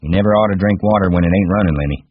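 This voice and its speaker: A small, irritable ranch hand who scolds and snaps with weary exasperation, as a man reads him in an audiobook. The voice is low and husky. The audio is dry and a little dull. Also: rapid-fire, dry recording. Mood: exasperated. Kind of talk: audiobook character voice.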